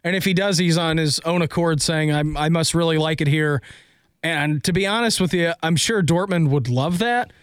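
Slightly higher-voiced man, dry mic. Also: moderate pace, clean tone, no room sound. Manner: short agreeing interjections. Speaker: podcast co-host. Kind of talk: casual sports chat.

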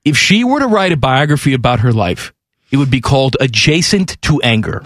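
A middle-aged man hosting a radio sports talk show, joking and animated. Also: mid-range voice, brisk, dry recording. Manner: animated, joking, yelling bits. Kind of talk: casual radio banter. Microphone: studio microphone.

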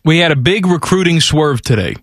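A man's voice: on the high side, a little fast, dry recording, studio quality. A man with a Chicago accent co-hosting a podcast, joking in casual sports banter. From Chicago area. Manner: joking, lively, playful voices. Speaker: podcast co-host.

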